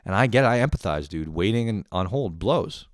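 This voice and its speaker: A man's voice: lowish voice, lively intonation, fairly quick, no room sound, studio quality. A young man casually telling funny work stories on his podcast, swearing and laughing, breaking into squealing impressions. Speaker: podcast host. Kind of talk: casual solo storytelling.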